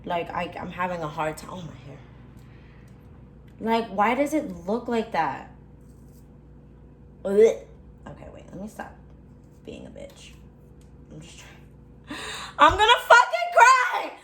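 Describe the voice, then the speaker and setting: A woman's voice: fairly low pitch, very animated, slow pace, pauses often, a little mellow. A young woman, cooking at home in a casual vlog, complaining dramatically, swearing, and talking to her viewers. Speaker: vlogger. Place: home kitchen. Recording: echoey room with faint background noise.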